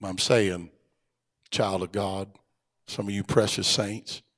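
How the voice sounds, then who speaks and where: A middle-aged man preaching a fervent Pentecostal sermon, rising to loud, high exhortation and dropping to soft asides. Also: fairly even intonation, slow pace. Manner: fervent preaching that swells louder and higher, then drops to a soft aside. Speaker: pastor. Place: church sanctuary. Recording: long church hall reverb.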